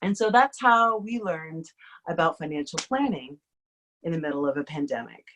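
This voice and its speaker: A woman from Vermont telling a personal story in a chatty, animated way, laughing often. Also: low voice, moderate pace, slight background noise.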